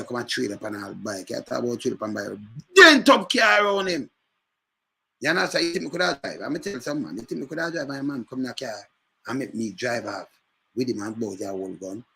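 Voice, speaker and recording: A man with a Jamaican accent talks in casual, animated commentary. His voice is bright and husky, and he repeats himself and breaks into loud bursts. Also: medium pitch. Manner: animated, emphatic, repetitive with loud outbursts.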